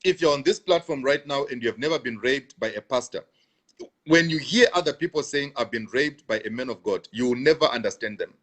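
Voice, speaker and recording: A man's voice: mid-range voice, expressive, a little fast, fairly bright tone. A man preaching on a live stream who answers viewers, repeats his lines for emphasis and restarts often. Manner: repetitive, emphatic, stammering restarts.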